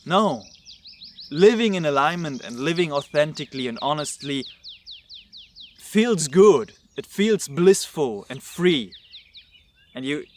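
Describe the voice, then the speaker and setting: Earnest man with a slightly high voice. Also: fairly bright tone. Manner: halting, repeats words, earnest and emotional. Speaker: vlogger. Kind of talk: personal storytelling.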